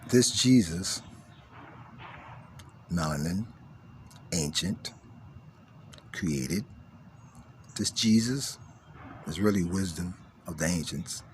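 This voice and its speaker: A man with a fairly low voice delivers a spiritual teaching monologue. He repeats his key phrases, lets some lines sink to a near hush, then drives others home with force. A faint background hum sits under his voice. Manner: emphatic, repeats key phrases, drops to hushed tones then rises forcefully.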